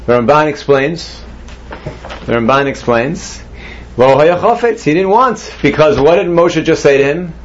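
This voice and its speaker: A man's voice: a little high, measured pace, a little hiss or hum. A man teaching a Torah class, posing questions to his students and mixing Hebrew terms into his explanations. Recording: dull lo-fi recording.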